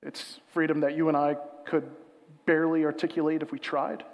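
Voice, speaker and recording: A man preaching a sermon as pastor, emphatic and building to loud peaks, slowing to a hushed, reflective reading. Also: fairly high pitch, little pitch movement, big-room sound.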